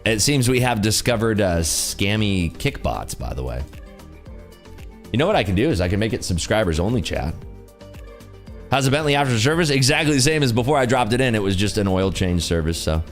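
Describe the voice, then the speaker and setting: A man's voice: on the low side, sing-song, brisk, faint music behind. A tired man hosting a day-trading livestream, joking and reading chat aloud in casual talk.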